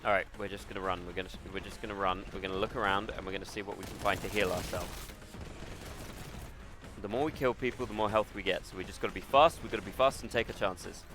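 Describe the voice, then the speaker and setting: A man's voice: low voice, fairly even intonation, fast, music in the background. A man streaming a shooter game live, talking himself through each fight and mocking his own failures with plenty of swearing. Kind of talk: live gameplay commentary.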